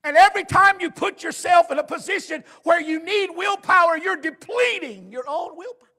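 Pastor, male, very high gravelly voice; preaches with shouted peaks and hushed drops. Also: moderate pace. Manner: swings from shouted emphasis to hushed low tones. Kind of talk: sermon.

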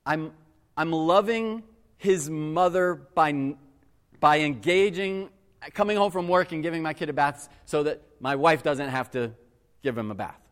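A man preaching a sermon. He tells a personal story in an earnest, animated way and keeps addressing the crowd as guys. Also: a little high, measured pace, clean tone. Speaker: pastor. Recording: long reverb of a large hall.

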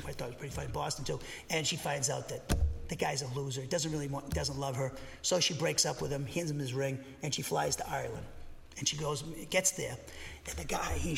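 A man's voice: on the high side, creaky, fairly bright tone. An older man preaching a sermon, telling stories in a rambling, folksy way with sudden bursts of emphasis. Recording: long hall reverb.

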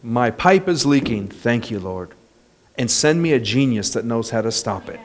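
Middle-aged pastor guy, kinda high voice, jokey storytelling sermon. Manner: lively storytelling with joking asides.

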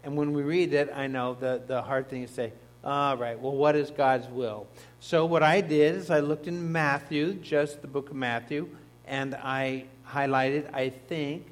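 A man, a pastor, preaching a sermon in a conversational teaching manner, with asides to the congregation. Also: mid-range voice. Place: church.

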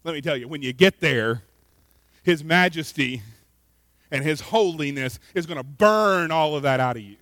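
A man preaching a sermon in an earnest way, often repeating words and swinging between loud emphasis and quiet asides. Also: a little high, expressive, normal speed, dry recording. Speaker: pastor.

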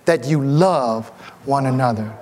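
A man preaching a sermon in church, with animated, rising exclamations. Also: mid-range voice, unhurried, slight background noise. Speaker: pastor. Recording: long hall reverb.

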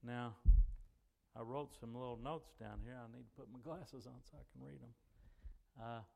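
A man's voice: medium pitch, fairly even intonation, moderate pace, gravelly, big-room sound. A male pastor preaching a sermon in a folksy, conversational way, telling stories to his congregation. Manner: folksy, conversational, frequent "you know". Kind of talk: sermon with storytelling. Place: church sanctuary.

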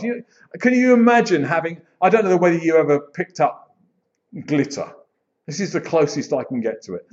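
Pastor preaching, dull lo-fi sound. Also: male voice, a little high. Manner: expressive, slows to dwell on phrases, animated storytelling. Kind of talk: sermon.

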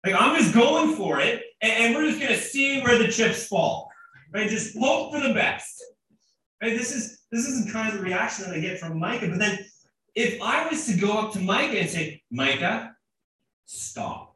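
A man in his thirties, a pastor preaching a sermon in an animated, emphatic way, often restarting his phrases. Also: very high voice. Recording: echoey room from a distance.

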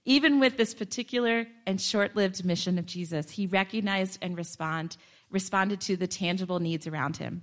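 A woman's voice: medium pitch, moderate pace. A woman preaching a sermon in a conversational way, with joking self-deprecating asides to the congregation. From Ohio, United States.

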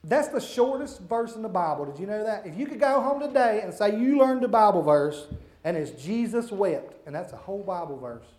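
A man's voice: high-pitched, sing-song, a little fast. Guy doing the kids' talk at church, keeps asking the little ones questions, shushes them here and there. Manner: asks children questions, talks simply and warmly to kids; hushes and redirects children mid-talk. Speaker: children's church leader. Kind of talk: children's sermon.

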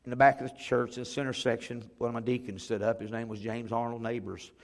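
A middle-aged pastor preaches a storytelling sermon, earnest and emotional, acting out what other people said. His mid-range voice has vocal fry, and he talks quickly with a flat delivery.

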